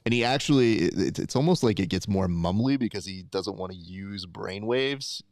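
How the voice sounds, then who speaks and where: A man's voice: fairly low pitch, moderate pace, no echo. A man in casual podcast banter, making dry joking asides.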